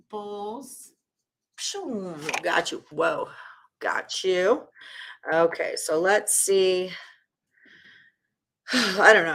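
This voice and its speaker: A woman's voice: on the low side, fairly bright tone. A woman hosting a casual live-stream sports betting show, chatting to viewers in an upbeat, teasing way as she rattles off names and scores.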